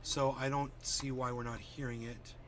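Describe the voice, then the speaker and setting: A man's voice: mid-range voice, level tone, normal speed, slight background noise. A man hosting a casual livestream, chatty and a bit distracted as he greets viewers by name while fixing his settings. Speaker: livestream host.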